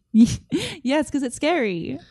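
A woman's voice: high-pitched, big pitch swings, extremely slow, darkish tone, no echo, studio quality. A woman co-hosting a radio show, chatting casually and laughing easily.

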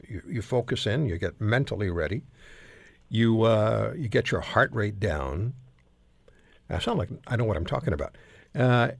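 A man's voice: mid-range voice, vocal fry, breathy edge, no echo. An older man from Canada hosting a casual panel talk show, telling rambling, self-deprecating stories.

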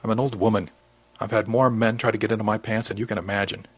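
A man voicing a proud, bitter woman of about sixty in an audiobook, sharp and scornful. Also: on the low side, steady tone, quick pace, breathy edge. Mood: angry. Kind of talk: audiobook character voice.

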